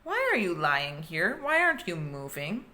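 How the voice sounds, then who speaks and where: A woman voicing a young, silly boy jellyfish who asks high, excited questions. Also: normal speed. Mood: curious.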